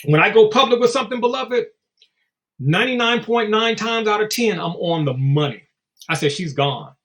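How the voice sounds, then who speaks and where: A man's voice: high-pitched, lively intonation, moderate pace, a bit bright. A man speaking as a guest in a casual interview, blunt and profane, telling stories and acting out quotes. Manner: storytelling with acted-out quotes.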